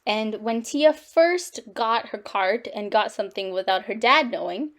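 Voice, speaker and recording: A woman reads a children's story aloud with lively, expressive delivery. Her voice sits a bit high, and she leans into the telling like a storytime host. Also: a little slow. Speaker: storytime reader.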